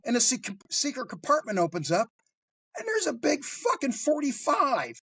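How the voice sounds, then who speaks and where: Husky, animated male storyteller. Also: very high-pitched, normal speed. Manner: animated, swears freely, acts out voices. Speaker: guest storyteller. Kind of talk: casual storytelling on a podcast.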